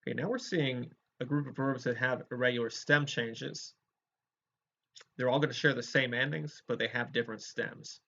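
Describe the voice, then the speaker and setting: A man's voice: medium pitch, normal speed, fairly bright tone. Methodical male Spanish teacher, lo-fi. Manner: clear, methodical, models each form aloud. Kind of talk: recorded lecture with choral drills. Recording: dull lo-fi lecture recording.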